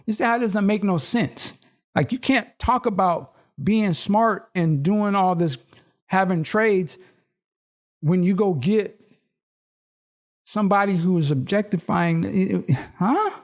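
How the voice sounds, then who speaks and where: A man co-hosting a podcast who rants in a lively, animated way and often breaks into laughter in casual chat. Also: sits high, takes it slowly. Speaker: podcast co-host.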